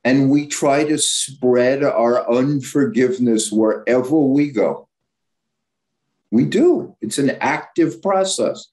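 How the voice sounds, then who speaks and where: A man's voice: mid-range voice, slow, a little mellow. A man who is a psychologist, giving a candid, blunt informal lecture with frequent stumbles and self-corrections. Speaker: psychologist and guest speaker.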